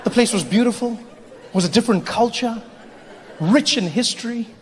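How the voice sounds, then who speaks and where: Animated stand-up comedian in a hall. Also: male voice, very high-pitched, normal speed, slight background noise. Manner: animated, storytelling. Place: large hall with live audience. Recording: live stage recording, hall reverb, crowd.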